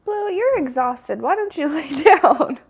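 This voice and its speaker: In a casual day-in-the-life vlog, a woman with a high, very animated voice talks a little slowly as she moves from home to a walk. She's a small business owner who chats and coos to her dogs over a small clip-on mic.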